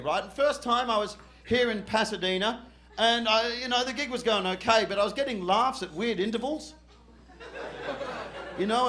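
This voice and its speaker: A very high-pitched Australian man delivers a stand-up comedy set in a club. Gripping a handheld mic, he's loud, brash and profane, shouting and laughing often.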